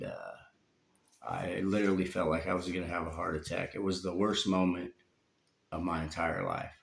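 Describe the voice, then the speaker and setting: Deep gravelly man telling a hard story. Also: a little hiss or hum. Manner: halting and heavy, with long pauses and fillers. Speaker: vlogger telling his life story. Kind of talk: personal storytelling. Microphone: phone. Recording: roomy phone recording.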